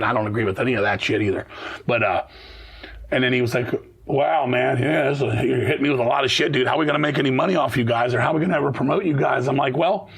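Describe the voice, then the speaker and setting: A man's voice: mid-range voice, slightly rough. A man guest on a podcast, telling a long profane story in a casual interview and acting out the other people's lines. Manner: profane, rapid, animated storytelling, acting out quoted dialogue. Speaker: guest musician.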